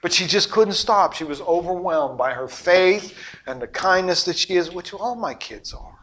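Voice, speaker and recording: Middle-aged male pastor, bright and slightly high voice, lively storytelling sermon with big loud-to-soft swings. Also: normal speed.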